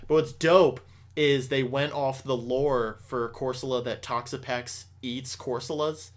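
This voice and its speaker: A man's voice: mid-range voice, fairly even intonation, unhurried. A young man hosting a podcast, chatting casually, rambling and swearing often with lots of restarts. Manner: rambling, profane, frequent restarts. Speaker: podcast host.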